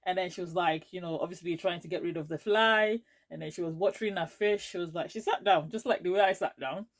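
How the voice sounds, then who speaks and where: A woman from Edo State with a Nigerian accent, telling a storytime vlog in a lively, expressive way. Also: fairly low pitch, quick pace. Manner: lively, expressive, rising to anger as she tells it. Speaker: vlogger.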